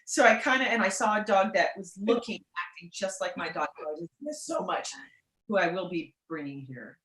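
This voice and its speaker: A woman's voice: mid-range voice, a little fast, reverberant. A woman guide chatting casually and animatedly, acting out voices as she tells stories. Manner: animated, acts out quoted voices, laughs often. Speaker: tour guide. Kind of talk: casual chat.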